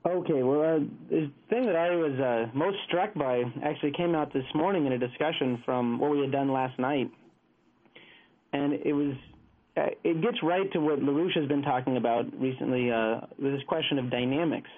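Male field organizer on a phone line to a radio show, slightly higher voice, rambling storyteller full of "uh" and "you know". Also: normal speed. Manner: rambling anecdote with many fillers. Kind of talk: casual radio report. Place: Los Angeles, over a phone line.

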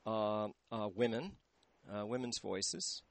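Halting man explaining voice training. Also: lowish voice, creaky, no echo. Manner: halting, searching for words. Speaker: voice teacher. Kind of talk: explaining and demonstrating singing in a radio interview. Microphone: handheld microphone.

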